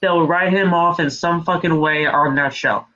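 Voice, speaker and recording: A man's voice: fairly high pitch, steady tone, moderate pace, bright, forceful tone, highs cut off. A man co-hosting a podcast, recapping wrestling in casual, profane play-by-play. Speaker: podcast co-host.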